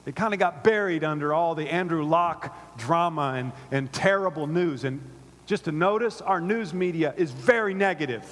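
A middle-aged pastor preaching a sermon in a church, animated and repetitive, dropping to soft asides between louder points. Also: male voice, on the high side, normal speed. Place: church auditorium. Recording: long reverb of a large hall.

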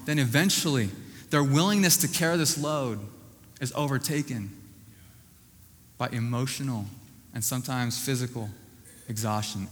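A man preaching a sermon, emphatic and repetitive, often dropping to a hushed voice at the ends of lines. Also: medium pitch, long reverb tail.

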